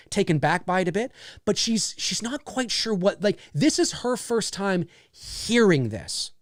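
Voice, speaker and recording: A man with a slightly high voice hosts a casual livestream, recorded in studio quality with no room sound. He animatedly talks through film scenes he made, acting them out as he explains.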